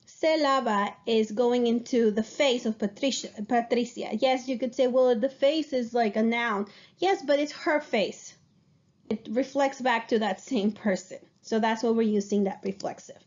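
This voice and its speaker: A woman's voice: a little high, moderate pace, a little mellow, highs cut off. Woman teaching a patient grammar lesson. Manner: explains patiently, checks in with students. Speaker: Spanish teacher.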